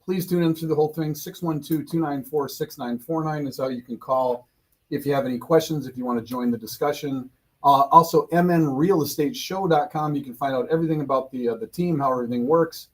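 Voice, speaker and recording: A man's voice: fairly high pitch, fairly even intonation, a little fast. A man co-hosting a live radio talk show in a studio, talking in a friendly, chatty way and repeating phrases. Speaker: radio co-host and real estate agent.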